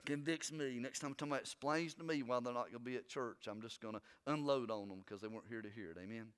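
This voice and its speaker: A man preaching a sermon, swinging between loud urging and hushed, earnest talk. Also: mid-range voice, fast talker, smooth.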